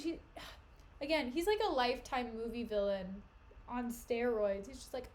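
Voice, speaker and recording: A woman's voice: a little high, measured pace, a little mellow. A woman streamer reading a play aloud casually and adding chatty, sarcastic asides.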